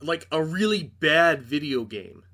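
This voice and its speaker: A man's voice: a little high, expressive, a little slow, bright, forceful tone. A young man recapping a TV episode in a casual review, full of sarcastic, exasperated asides.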